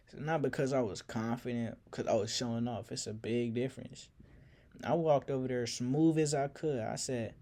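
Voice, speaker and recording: A man's voice: medium pitch, normal speed, mellow. A man telling a personal story in a casual, slangy, reflective way.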